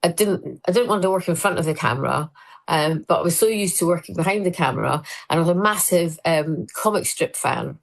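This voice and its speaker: A Scottish woman, a comedian guest, telling lively anecdotes in a casual interview and acting out the quotes. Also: fairly low pitch, a little fast, creaky. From Scotland. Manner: animated anecdotes with acted-out quotes.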